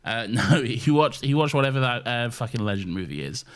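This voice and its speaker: A man co-hosting a podcast, talking in an excitable, emphatic way with a lot of swearing. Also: mid-range voice, brisk. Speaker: podcast co-host. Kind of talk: casual chat.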